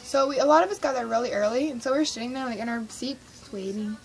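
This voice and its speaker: A woman with a high, bright-sounding voice tells a story for her vlog in a gushing, excitable rush, reenacting her own squeals. Faint music plays softly behind her. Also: quick pace, vocal fry, rough recording. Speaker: vlogger recounting a concert.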